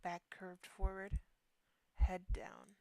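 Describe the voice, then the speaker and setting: Low, flat-voiced woman reading horror text. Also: dry recording, poor audio. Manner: drops to a hushed near-whisper for tense passages; slow, deliberate reading with breaks into quick asides. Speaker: streamer.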